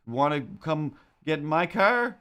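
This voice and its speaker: Sleazy driver yelling pickup lines from a car, smarmy and higher-pitched; a man puts on the voice. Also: expressive, clean tone. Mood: leering. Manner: smarmy, drawn-out flirting.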